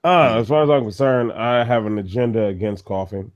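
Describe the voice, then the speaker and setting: A man's voice: mid-range voice, fairly quick, dull audio. A man in a casual group chat, blunt and profane, dismissive in tone.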